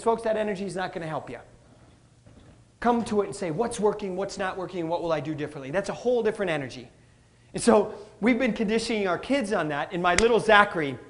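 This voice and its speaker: A man giving a live motivational talk, animated, calling the audience folks and acting out what people say. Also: extremely high pitch. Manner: animated, addresses crowd as folks, acts out quotes. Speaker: motivational speaker.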